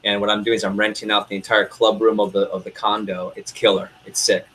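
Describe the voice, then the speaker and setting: A young man, a sales division manager, speaking to a room of reps in a lively motivational meeting, full of quick asides. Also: fairly low pitch, a little hiss or hum.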